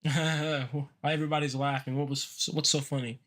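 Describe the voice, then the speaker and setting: A man's voice: on the high side, flat delivery, normal speed, fairly bright tone. A man hosting a live online Q&A in a brash, joking way, swearing casually as he talks. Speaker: host of a live Q&A.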